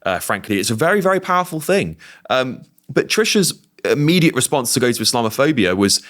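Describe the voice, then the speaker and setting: Fast, animated British man talking. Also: mid-range voice. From Britain. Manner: emphatic, animated opinion-giving. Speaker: guest, TV presenter. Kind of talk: casual podcast conversation.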